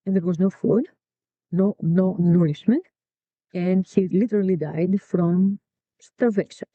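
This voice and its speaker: A woman's voice: on the low side, a little slow, no echo. A middle-aged woman from Greece, telling family stories in an interview, reflective and repeating words as she searches for them. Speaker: podcast guest and co-founder. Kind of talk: personal storytelling in an interview. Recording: dull lo-fi dry recording.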